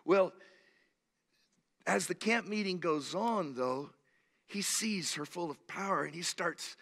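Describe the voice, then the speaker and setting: A pastor in his sixties preaches with animated, emphatic storytelling. His voice sits a little high for a man. The sound carries a long, echoing church reverb. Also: slow, creaky. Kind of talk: sermon. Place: church sanctuary.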